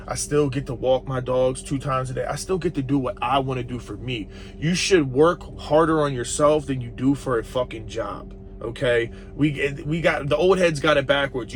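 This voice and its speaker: Young man, truck driver vlogger, blunt and profane, fired-up monologue, a bit high-pitched. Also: fairly bright tone. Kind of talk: casual monologue to camera.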